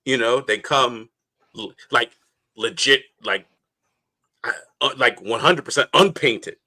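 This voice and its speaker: Bright, rambling casual male podcaster. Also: medium pitch, slow. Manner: rambling, filler-heavy, laughs often. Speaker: podcast co-host. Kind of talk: casual chat.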